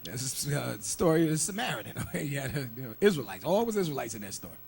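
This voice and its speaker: A man preaching a sermon, emphatic and quick to shout, firing rhetorical questions and leading his listeners in call-and-response. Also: mid-range voice, big pitch swings, creaky, husky. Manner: calls for scripture reading and call-and-response.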